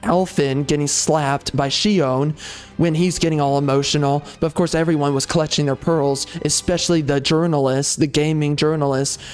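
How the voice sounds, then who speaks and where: A man's voice: on the high side, steady tone, moderate pace, darkish tone, soft background music. A man hosting a gaming channel, giving opinionated commentary in a rambling, emphatic way with many fillers and restarts.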